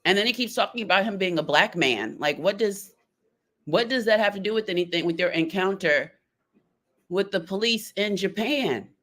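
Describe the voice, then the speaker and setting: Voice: medium pitch, animated, normal speed, fairly bright tone. Casual reaction commentator, mid-range voice, incredulous and chatty. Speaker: stream commentator.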